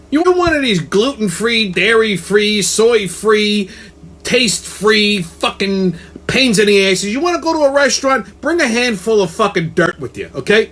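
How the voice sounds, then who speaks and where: A man's voice: sits high, fairly bright tone. A man hosting a comedic rant, cursing and repeating himself for emphasis. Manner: profane, emphatic, repeats words. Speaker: host.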